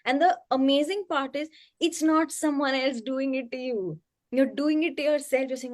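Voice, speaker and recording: Woman panelist, earnest and animated, bright higher pitch, dry sound. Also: normal speed, no echo. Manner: earnest, animated, often says "you know". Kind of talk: conversational panel discussion.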